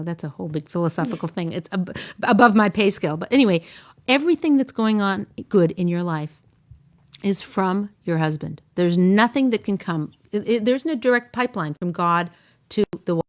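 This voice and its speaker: A woman hosting a talk show, giving casual marriage advice in an animated way, often restarting her sentences. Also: medium pitch. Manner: animated, acts out wives' voices, frequent restarts. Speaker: relationship coach and show host.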